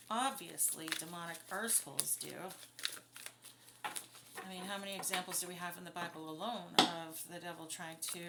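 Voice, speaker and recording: A woman doing a casual spiritual card reading to camera at home at night, blunt and quick to get indignant, swearing freely. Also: fairly low pitch, very noisy. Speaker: tarot and spirit box reader.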